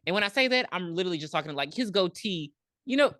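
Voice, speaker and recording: A woman's voice: fairly low pitch, expressive, fast, a bit bright, no echo, studio quality. A woman co-hosting a podcast, retelling a movie's plot in casual chat, acting out the characters' lines and swearing freely. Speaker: podcast co-host.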